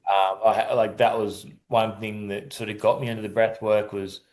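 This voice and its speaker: A man's voice: on the low side, flat delivery, moderate pace, darkish tone. Man telling a story casually. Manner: rambling, many restarts and acted-out quotes. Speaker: guest, adaptive surfer.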